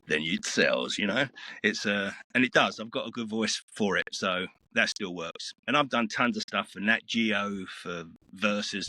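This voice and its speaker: Voice-over actor, sixties, male, deep, rambling anecdotes, dry small-booth sound. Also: no room sound. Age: 60s. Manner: relaxed, rambling storyteller with many fillers. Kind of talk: casual interview chat. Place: small home recording booth. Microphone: headset.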